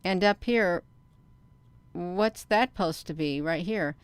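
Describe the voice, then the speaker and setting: A woman vlogger giving casual commentary on her own video, rambling and halting with many fillers and restarts, and talking straight to her viewers. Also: fairly low pitch, clean tone, dry recording. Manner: talks straight to viewers as "you all". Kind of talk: casual commentary while showing her own sky footage.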